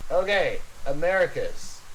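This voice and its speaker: A man's voice: on the high side, very animated, a little slow, slight background noise, low-quality recording. A man acting as game master, setting scenes in a tabletop role-playing game with dramatic narration.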